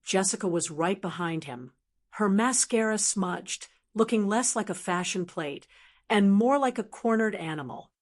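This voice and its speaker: A woman narrating a first-person drama story in a calm, dry, measured way. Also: mid-range voice.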